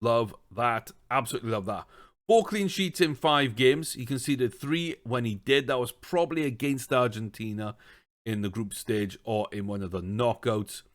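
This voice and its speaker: A man streams himself playing a football management game and talks it through in a casual, chatty way. His voice sits at an ordinary middle pitch. He thinks out loud and now and then breaks into exasperated rants. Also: normal speed. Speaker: gaming streamer. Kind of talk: casual let's-play commentary.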